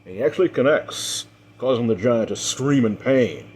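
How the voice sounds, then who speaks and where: A man acting as game master, narrating a tabletop role-play story in a measured, dramatic way with the odd filler. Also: medium pitch, animated, a little mellow, a little hiss or hum.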